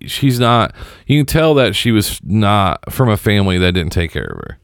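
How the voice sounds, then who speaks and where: A middle-aged man with a very low, deep voice talks casually into a close studio mic. He rambles and halts, restarting his sentences often. The sound is dry and close. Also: sing-song, smooth, dry recording. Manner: rambling, halting, many restarts. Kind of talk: casual chat.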